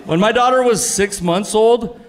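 Profane stand-up comic, rising to loud punchlines. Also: male voice, high voice, unhurried. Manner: deadpan, profane, builds to loud exasperated punchlines. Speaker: stand-up comedian. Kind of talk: stand-up comedy set. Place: comedy venue with live audience. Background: audience laughter.

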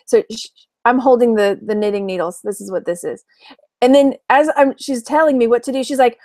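A woman's voice: on the high side, fairly quick, mellow, dry recording. A middle-aged woman from Texas, chatting casually to camera about her week and her reselling business, laughing often and imitating her mother. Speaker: online reseller vlogger.

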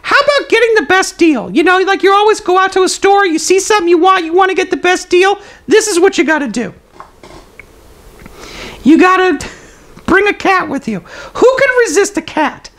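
A squeaky toilet paper puppet. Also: male voice, animated, moderate pace, a bit bright, heavily acted. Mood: zany. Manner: gives absurd life advice with confident, matter-of-fact delivery; chats to the live chat, hesitant fillers. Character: zany toilet paper roll puppet, cheerful and absurd. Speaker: puppet host of a live stream. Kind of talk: comedic live-stream bit.

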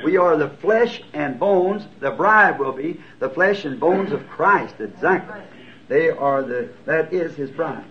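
A man in his fifties with a Southern US accent, preaching a sermon and answering written questions in an earnest, folksy, self-deprecating way. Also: sits high. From United States. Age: 50s. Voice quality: old, lo-fi tape recording. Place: church sanctuary. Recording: dull lo-fi tape recording. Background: congregation answering amen.

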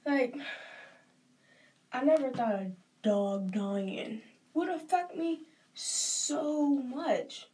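A woman's voice: high voice, expressive, extremely slow, long pauses, mellow, far from the mic, a little hiss or hum. A young woman with a Southern US accent talks casually and emotionally while getting ready, rambling and saying "like" a lot. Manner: rambling and emotional, often says "like". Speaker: vlogger.

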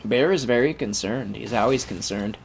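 A man's voice: medium pitch, moderate pace, gravelly, slight background noise. Profane trash-talking male gamer. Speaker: gaming channel host. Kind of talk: gameplay commentary.

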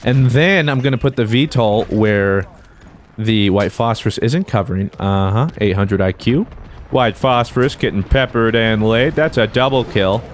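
Excitable man doing gameplay commentary. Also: moderate pace, slight background noise. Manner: jokey, excitable, swings between low mutters and shouted cheers. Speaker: gaming YouTuber. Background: faint gunfire from the game.

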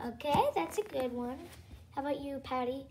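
A woman with a high voice plays teacher to her dolls, chatting and reading a children's story aloud in a loose style that keeps restarting. She speaks at a moderate pace with background noise.

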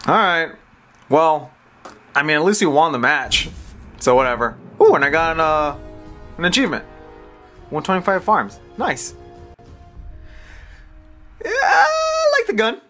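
A young man giving casual gameplay commentary, excitable and self-deprecating, swearing when things go wrong. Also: fairly high pitch, a little slow, pauses often, faint music behind.

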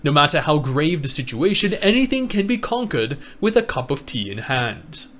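A man's voice: fairly high pitch, big pitch swings, moderate pace, a bit bright, slight background noise. A man putting on a British accent to voice an earnest documentary narrator, mock-serious and theatrical. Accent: put-on British.

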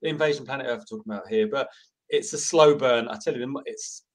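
A man's voice: mid-range voice, fast. A man, a guest film director, answering interview questions in a rambling way and often correcting himself. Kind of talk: casual video-call interview.

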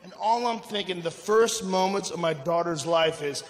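A middle-aged man doing a stand-up comedy set, telling a story loudly and profanely with shouted bursts. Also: high voice, moderate pace. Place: comedy venue on stage. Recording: echoey live venue with ambience.

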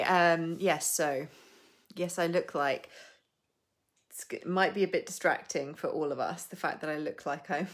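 Low-voiced woman chatting on a live stream. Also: normal speed, long pauses. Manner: chatty and rambling, laughs often, swears casually. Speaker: coach hosting a live stream. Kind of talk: casual live stream chat.

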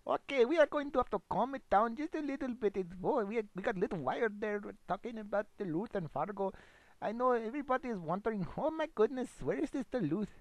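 A man's voice: high voice, fairly quick, no room sound. A man doing a bumbling broken-English radio DJ. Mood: rambling. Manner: broken English, exaggerated put-on foreign delivery; rambling, excitable, swings between loud bursts and mumbles. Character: bumbling foreign-sounding male radio DJ, rambling and crude. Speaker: comic radio host persona. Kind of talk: improvised comedy monologue. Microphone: home computer microphone.

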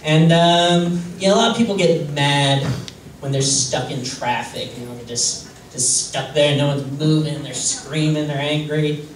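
High-voiced deadpan stand-up man, roomy. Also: unhurried. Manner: deadpan, self-deprecating, hesitant with many uhs. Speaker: stand-up comedian. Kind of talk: stand-up comedy set. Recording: roomy distant club recording with noise.

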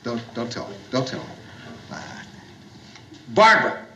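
An actor playing a gruff middle-aged boss turned overeager bar host, in 1970s sitcom style. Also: male voice, mid-range voice, big pitch swings, measured pace, sharp tone, lo-fi sound, a little hiss or hum. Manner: forced, overeager cheerfulness. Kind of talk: 1970s studio sitcom acting.

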